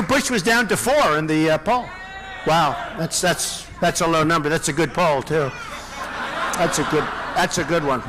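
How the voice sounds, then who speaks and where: A man's voice: sits high, noisy background. A man in his sixties, a presidential candidate giving a campaign rally speech in a large indoor venue, rambling and repetitive with boastful asides. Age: 60s.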